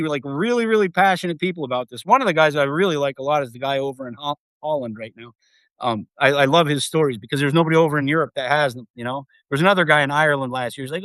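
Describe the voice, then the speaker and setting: A man hosting a casual live stream from home, talking in a rambling, excitable way, swearing freely and leaning on fillers. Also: on the high side, smooth, no room sound.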